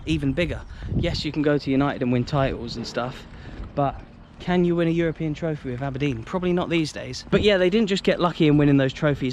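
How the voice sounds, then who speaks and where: A young man from Britain talks his way around a city stadium, chatty and enthusiastic, tossing in jokey asides as he walks. His voice sits a touch high. Traffic and outdoor ambience come through clearly behind him on the camera mic. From United Kingdom. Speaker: football travel vlogger. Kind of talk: walking vlog commentary. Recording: outdoor street noise.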